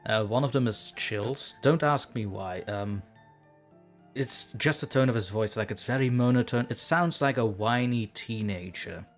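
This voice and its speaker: A man's voice: mid-range voice, measured pace, faint music behind. A man hosting a casual video chat, talking bluntly and laughing often. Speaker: podcast host.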